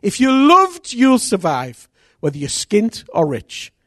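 A man preaching a sermon as pastor, earnest and intimate, with sudden loud rises. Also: high voice, wildly swooping pitch, slow pace, dry recording, studio quality.

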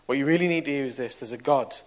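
A middle-aged man, preaching and telling a testimony story, moving between soft and loud moments. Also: mid-range voice, rapid-fire. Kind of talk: testimony sermon.

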